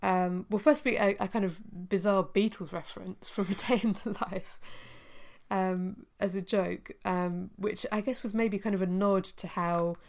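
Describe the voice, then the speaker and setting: A woman co-hosting a podcast, chatting casually and thoughtfully about a TV series, often pausing with ums. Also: medium pitch, steady tone, gravelly. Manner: thoughtful, hesitant with frequent ums. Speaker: podcast co-host.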